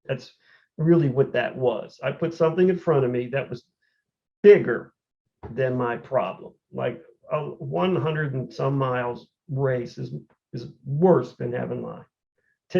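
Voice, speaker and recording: A man, a podcast guest, telling his story in a casual, animated way, full of "like" and "you know". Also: mid-range voice, vocal fry. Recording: dull, lo-fi audio.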